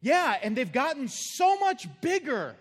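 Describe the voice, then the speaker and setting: A man voicing an older, hard-of-hearing husband who yells across the house about his new TV. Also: very high-pitched, very animated, a little slow, in a large hall, voice pushed up, full character voice. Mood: arguing. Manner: loud and raised, yelling across the house.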